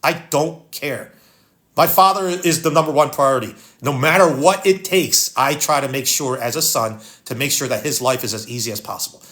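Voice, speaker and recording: A man's voice: mid-range voice, a little fast, hardly any pauses, a bit bright. A man with a Philadelphia accent hosting a casual live stream, reading viewer comments aloud and answering them bluntly. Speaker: livestream host reading comments.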